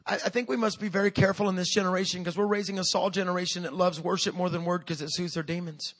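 A man in his fifties, a pastor preaching a sermon with energy and humor, building up to loud calls to his church. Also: high-pitched, steady tone, quick pace.

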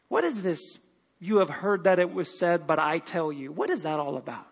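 Male pastor, high voice, animated sermon delivery, long hall reverb. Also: moderate pace, gravelly. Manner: animated preaching with laughs and quoted voices. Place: church sanctuary.

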